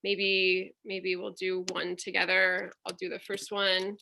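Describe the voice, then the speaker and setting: Woman, teacher, bright tone, slow and patient, sounds out vowels, video-call mic. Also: on the low side, monotone, creaky, slight background noise. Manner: patient, explains step by step, sounds out vowels slowly. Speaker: teacher presenting a workshop. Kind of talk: online teaching demonstration. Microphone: computer mic on a video call.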